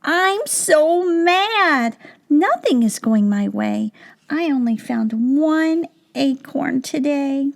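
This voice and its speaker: A squeaky, high-pitched young squirrel from a picture book, as a woman puts him on. He talks slowly, with a gravelly edge creeping under the brightness. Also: lively intonation, full character voice. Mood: mad. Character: upset young male squirrel, cartoonish.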